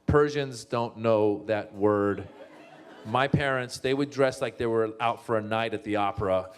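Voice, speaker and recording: Slightly slow and on the low side, this man is a comedian and author appearing as a guest speaker. Born in Iran and raised in Northern California, he gives a comic storytelling talk about his family, full of laughter, with lively impressions of his relatives.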